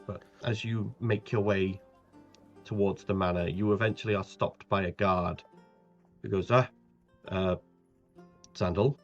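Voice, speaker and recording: A man narrating as game master of a tabletop game, measured and halting. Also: on the low side, little pitch movement. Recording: dull lo-fi audio, faint music.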